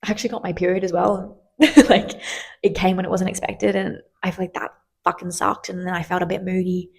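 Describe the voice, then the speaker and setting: A woman's voice: fairly low pitch, flat delivery, a little fast, creaky, darkish tone, slightly rough. A woman in her twenties hosting a podcast, talking candidly and chattily with lots of fillers and casual swearing. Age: 20s. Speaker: podcast host. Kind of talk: casual solo podcast chat.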